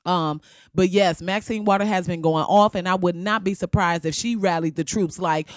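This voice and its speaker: A woman hosting a podcast in a casual comedic rant, profane and quick to laugh, often slipping into voices of other people. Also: on the low side, dry recording, studio quality. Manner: laughs often, profane, animated, slips into impressions. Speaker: podcast host.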